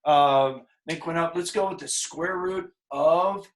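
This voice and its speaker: A male math teacher with a slightly high voice, explaining in a loose, joking way. He thinks out loud as he goes, tossing in asides while he works through problems. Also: slow, rough recording. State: out of breath. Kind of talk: casual math lesson.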